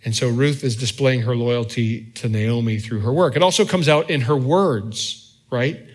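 A man preaching a sermon in a conversational way, often checking in with the congregation with quick asides. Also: medium pitch. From United States. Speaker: pastor.

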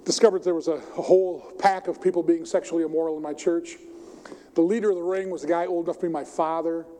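A middle-aged male pastor preaching a sermon, telling stories animatedly and acting out the characters. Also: a little high. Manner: storytelling, animated, acts out the characters. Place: church sanctuary. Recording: long reverb of a church hall.

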